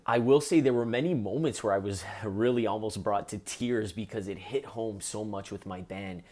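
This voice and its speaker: A musician talking to camera in an earnest, heartfelt way about something that moved him. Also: male voice, lowish voice, darkish tone. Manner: earnest, heartfelt, gets choked up. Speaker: musician reviewing a documentary. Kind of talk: casual talk to camera.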